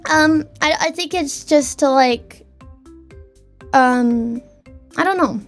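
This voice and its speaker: A woman's voice: high voice, slow, soft background music. A young woman streamer chatting casually from her desk at home, stammering and repeating words as she talks heartfelt. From Canada. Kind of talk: casual chat.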